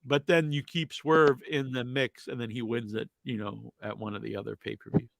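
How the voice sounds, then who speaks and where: A podcast host with a stuffed-up nose answers viewer questions on a live stream, rambling casually with plenty of fillers. He speaks at a medium pitch and moderate pace with flat delivery and vocal fry, and there's no echo.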